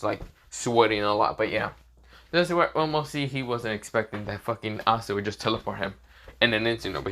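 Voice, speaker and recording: Here a man with a mid-range voice and a bit of brightness casually rambles through a fan story he's making up as he goes. Phrases like "this is where, well, mostly" come up again and again.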